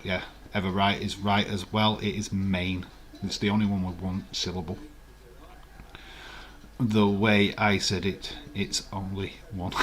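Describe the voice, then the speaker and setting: A man's voice: low-pitched, a bit bright, slight background noise. An English man hosting a live stream, chatting casually and rambling as he reads out viewers' comments and chuckles along. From England.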